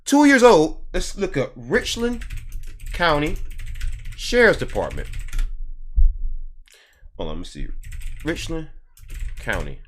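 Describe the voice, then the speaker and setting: A man's voice: fairly high pitch, huge pitch swings, slow, long pauses, a bit bright, slight background noise. A man hosting a commentary video, talking emphatically and repeating words for stress. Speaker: host.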